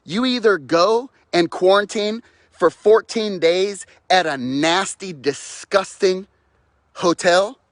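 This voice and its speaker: A man's voice: sits high, slow, no echo. A man delivering a fiery, preachy rant outdoors, repeating phrases and mocking others' voices, recorded close on a phone.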